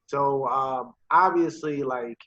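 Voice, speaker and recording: A man's voice: mid-range voice, slow pace, pushed and bright. A man co-hosting a podcast in casual chat, easygoing and joking, with loose fillers and slang. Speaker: podcast co-host. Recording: slightly muffled podcast recording.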